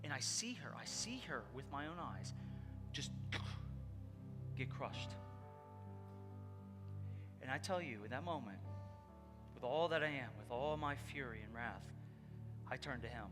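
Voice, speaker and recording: This preacher's mid-range voice has lively intonation, moving a little slowly and pausing often. He tells a personal story earnestly in a conversational sermon aimed right at his congregation, with long hall reverb and loud music in the background.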